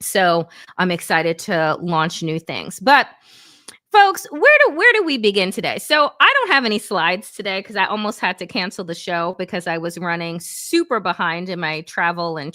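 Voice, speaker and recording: A woman's voice: on the low side, sharp tone, no room sound, studio quality. A middle-aged woman hosting her own show, talking through politics in a casual, indignant way, swearing freely and using lots of fillers. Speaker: political commentary host.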